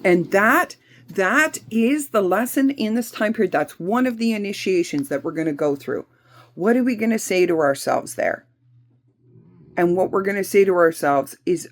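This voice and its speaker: A woman's voice: fairly low pitch, unhurried. A woman teaching spiritual healing in a blunt, emphatic, repetitive way, with occasional swearing. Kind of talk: spiritual self-help talk.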